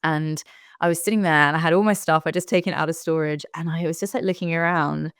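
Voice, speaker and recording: Low-voiced woman, smooth. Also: steady tone, fast, a bit bright, dry recording, studio quality. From United Kingdom. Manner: candid, reflective storytelling. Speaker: interview guest. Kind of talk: casual interview conversation.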